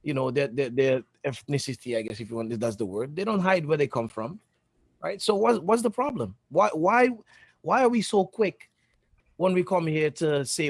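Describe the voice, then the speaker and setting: A man talks in an animated, casual way and keeps firing off rhetorical questions. His voice sits a little high for a man. The sound is dry and close, with no room in it. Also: moderate pace, no echo. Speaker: podcast co-host. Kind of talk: casual chat.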